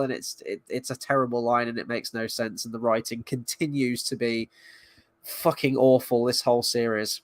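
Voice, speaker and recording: A man's voice: mid-range voice, fairly even intonation, moderate pace, no echo. Guy doing a casual show review, sarcastic and swears a lot, mid voice, dead dry recording. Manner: sardonic, blunt and sweary.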